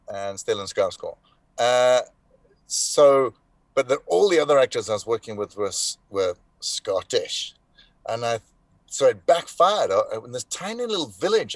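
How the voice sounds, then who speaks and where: A man of middle pitch tells stories in a relaxed interview, animated and unhurried, with frequent false starts. His voice sounds close and dry, with no room around it. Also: no room sound. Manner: animated anecdotes with hesitant restarts. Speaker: actor being interviewed. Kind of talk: casual interview storytelling.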